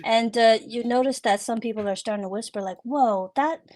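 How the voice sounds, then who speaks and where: A woman narrating a tabletop game as game master, relaxed and hesitant, with many fillers. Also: a little high, fast.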